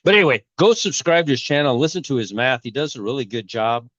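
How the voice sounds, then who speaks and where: A man's voice: mid-range voice, expressive, a bit bright, dry recording, muffled recording. Man with a cold, rambling talk. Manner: rambling, halting, many restarts. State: has a cold, sore throat, coughing. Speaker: YouTube host. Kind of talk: casual religious commentary.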